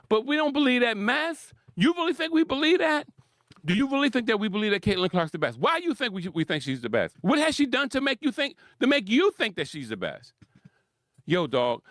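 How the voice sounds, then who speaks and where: A man's voice: a little high, fairly bright tone, no room sound, studio quality. A man hosting his own sports commentary, ranting his opinions with frequent laughs and repeated points for emphasis. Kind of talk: opinionated solo sports rant.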